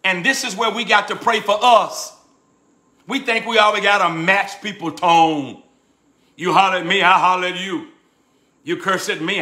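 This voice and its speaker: Bright-voiced older pastor teaching. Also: male voice, high voice. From Southern United States. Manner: folksy, repeats words, laughs with the congregation; rises into emphatic preaching, then drops to asides. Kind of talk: Bible study teaching.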